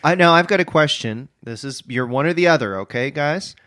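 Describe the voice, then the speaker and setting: A man with a slightly high voice co-hosts a comedy podcast, teasing and stirring up the others. His pitch jumps widely as he talks. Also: expressive, brisk, sharp tone. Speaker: co-host.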